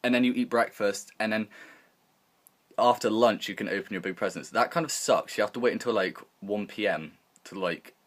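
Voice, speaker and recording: A man's voice: fairly low pitch, normal speed. Young guy rambling through a story. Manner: rambling, animated, swears freely, acts out quotes. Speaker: vlogger. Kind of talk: casual storytelling.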